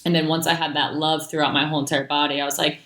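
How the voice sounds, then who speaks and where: A woman's voice: deep voice, level tone, fast, a bit bright. A young woman guest on a podcast chatting casually, rambling with lots of "like" and acting out her own thoughts in quotes. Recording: roomy podcast audio.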